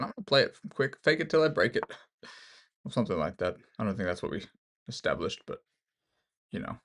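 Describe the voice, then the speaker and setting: A man's voice: fairly low pitch, fairly bright tone. A man with an Australian accent thinking aloud as he plays chess, joking and poking fun at himself. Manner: jokey, thinks aloud, self-mocking. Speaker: chess streamer. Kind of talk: casual commentary while playing online chess.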